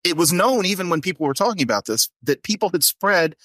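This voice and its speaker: A man's voice: sits high, fast, no room sound. A man talking as a guest, explaining ideas conversationally. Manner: animated, expressive intonation. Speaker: guest linguist.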